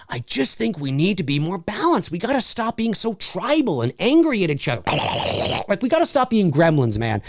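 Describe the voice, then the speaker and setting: A man's voice: sits high, very animated, fairly quick, no room sound, studio quality. A man hosting a casual livestream Q&A, reading viewer comments aloud, swearing freely and laughing often. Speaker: channel host answering viewer questions.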